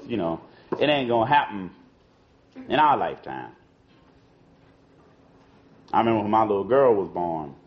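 Man, low voice, conversational talk, repeats himself, lo-fi recording. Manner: conversational, repeats words, lots of "you know" and "see". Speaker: speaker addressing an audience. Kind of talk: informal political talk. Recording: dull lo-fi archival recording.

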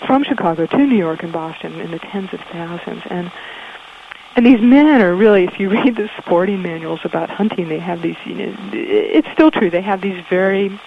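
A woman's voice: lowish voice, normal speed, a little hiss or hum. A woman guest in a radio interview, explaining in a thoughtful way with frequent ums, heard through dull, muffled audio.

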